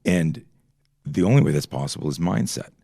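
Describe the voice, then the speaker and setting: A man's voice: deep voice, expressive, normal speed, creaky, mellow, breathy edge, no echo, clean studio sound. A man in his fifties, a podcast guest, telling rambling stories full of tangents and swearing in a casual chat. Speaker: podcast guest, self-defense instructor.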